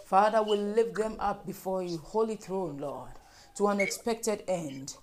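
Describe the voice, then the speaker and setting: A woman's voice: medium pitch, a little slow, darkish tone. A woman leading fervent group prayer, repeating petitions and breaking into speaking in tongues. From Africa. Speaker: prayer leader.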